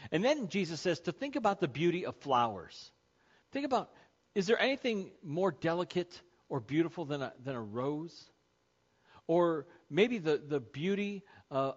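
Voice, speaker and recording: Pastor preaching, dull lo-fi recording. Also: male voice, a little high. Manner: conversational, jokes with the congregation. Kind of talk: sermon. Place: church sanctuary.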